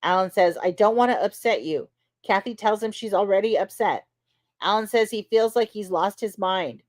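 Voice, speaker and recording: A woman's voice: medium pitch, moderate pace, no room sound. Chatty woman recapping trial testimony. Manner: conversational, many fillers like "you know". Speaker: podcast host.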